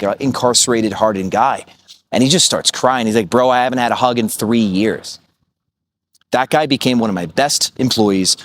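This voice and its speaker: A man's voice: mid-range voice, fairly bright tone. A man in his thirties talks straight to camera in a blunt, casual coaching style. He swears freely and fills his stories with "like" and "right?". A faint ambient hum sits under his voice. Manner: blunt, profane, storytelling with many fillers. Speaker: short-term rental business coach. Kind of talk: casual vlog monologue.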